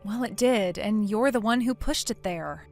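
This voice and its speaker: A woman's voice: mid-range voice, moderate pace, darkish tone, soft background music, natural voice. A woman voicing a blunt, lecturing female friend. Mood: stern. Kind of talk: text story narration.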